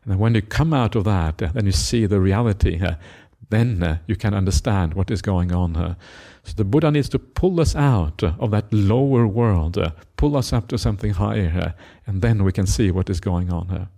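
A monk giving a Buddhist dharma talk, retelling a scripture story with many "uh" fillers and acted-out quotes. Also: male voice, on the low side, normal speed, creaky, hardly any pauses, warm tone.

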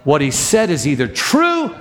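A middle-aged man preaching as a guest minister, telling a story with emphatic, animated delivery and acted sound effects. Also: fairly high pitch, unhurried. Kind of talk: storytelling sermon.

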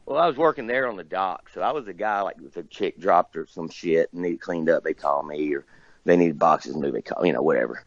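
A low-voiced man spins a loose, rambling story, his pitch swinging widely as he goes. He cusses freely and breaks into laughter along the way. The sound is dry and a little dull, like a lo-fi recording. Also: animated, a little fast, dry recording. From Tennessee, near Nashville. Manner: rambling, cussing, laughs often. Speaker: guest telling a story. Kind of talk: casual storytelling.

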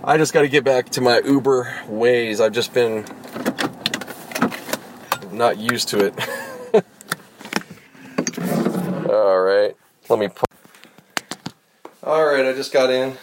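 A man's voice: mid-range voice, slow, pauses often. Rambling casual man, noisy recording. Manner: rambling, swears casually, talks to viewers. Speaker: vlogger. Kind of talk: casual chat while driving and running errands. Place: in a car and parking lot.

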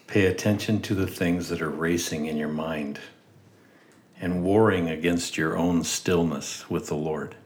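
A man with a very low voice guides listeners through a quiet scripture meditation. He speaks very slowly and calmly, leaving space between his instructions. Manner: calm, unhurried instructions. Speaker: meditation leader.

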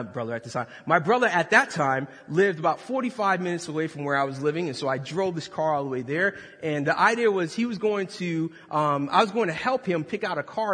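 High, lively husky-voiced male preacher. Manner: animated, jokey, acts out voices. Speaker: pastor. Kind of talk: sermon with storytelling. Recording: long reverb of a large hall.

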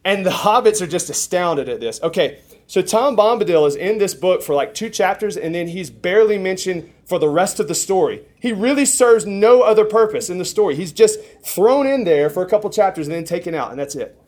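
A young man preaching with a fairly high voice. He tells a story in a lively way, building to loud excitement and then dropping to a hushed intensity. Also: brisk, few pauses. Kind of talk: sermon.

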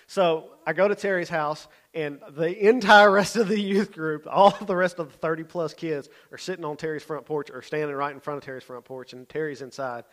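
A man's voice: on the high side, fairly even intonation, fairly quick, few pauses. A man, a youth pastor telling a story in a sermon, conversational and often checking in with his listeners.

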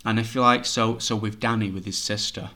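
A man's voice: lowish voice, fairly even intonation, a little fast, sharp tone. A man working as a psychic medium, talking chattily and reassuringly as he relays messages to a sitter. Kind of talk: reading for a sitter.

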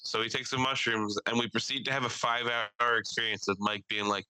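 A man's voice: mid-range voice, steady tone, a little fast, few pauses, pushed and bright, clean tone, no echo, low-quality recording. A man hosting a casual podcast, telling stories with lots of swearing and laughter. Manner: profane, laughing, storytelling. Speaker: podcast host.

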